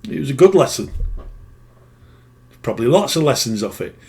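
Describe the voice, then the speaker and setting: A middle-aged man at an ordinary, mid-range pitch speaks in a loose, rambling monologue. He talks plainly as a spiritual healer, often doubling back to correct himself as the story unfolds. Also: very animated, normal speed, gravelly, dark tone.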